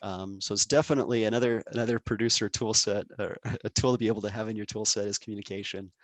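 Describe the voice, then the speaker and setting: Speaking quickly in a lowish voice, a thirty-something game producer shares animated work stories as a guest in a relaxed interview, performing the dialogue he quotes. The recording is dry.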